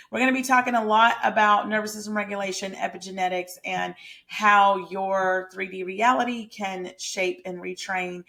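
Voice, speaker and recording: A woman's voice: mid-range voice, vocal fry, a bit bright. A woman who also works as a hairstylist, talking casually and emphatically to her viewers as a lifestyle and mindset creator. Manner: chatty, emphatic and motivational, talks straight to viewers. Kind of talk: casual direct-to-camera talk.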